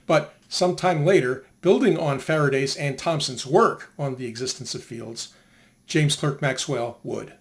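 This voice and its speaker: An older man talks through a history of science lesson in a slightly raised pitch. He keeps it conversational and drops in rhetorical questions to his listeners. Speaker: lecturer.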